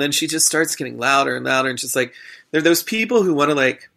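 A man, a stage performer and emcee, telling an animated story and acting out the quoted lines. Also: fairly high pitch, quick pace, vocal fry.

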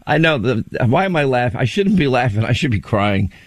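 A man's voice: medium pitch, sing-song, normal speed, no room sound. A man hosting a radio talk show, giving casual commentary and laughing mockingly as he talks.

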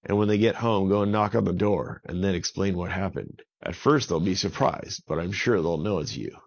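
A man's voice: deep voice, moderate pace. A man voicing a friendly, sensible troll who helpfully talks through a plan. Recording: dull lo-fi recording.

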